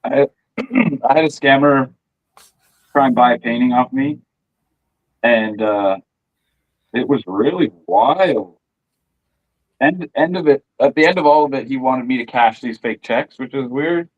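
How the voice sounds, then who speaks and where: A man chatting casually, telling a story about his artwork in a relaxed, easygoing way. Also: medium pitch, a little slow, pauses often. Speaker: artist. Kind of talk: casual chat. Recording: dull lo-fi sound.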